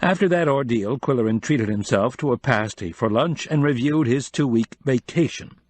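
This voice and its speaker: A man reading a cozy mystery novel aloud in a steady, measured storytelling manner. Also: medium pitch, no room sound. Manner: steady, measured storytelling with light character voicing. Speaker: audiobook narrator. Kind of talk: scripted narration.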